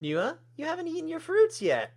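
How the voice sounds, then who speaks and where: A man voicing a sweet, cheerful non-human girl student in a bubbly falsetto. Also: wildly swooping pitch, normal speed, gravelly, a little mellow, heavily acted. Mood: earnest.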